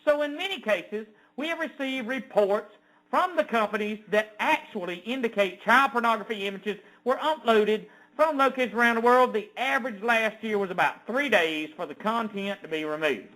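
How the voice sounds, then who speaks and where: A male online news commentator reads an article aloud at normal speed, ranting with indignant sarcasm that shifts between loud and low. The audio is poor.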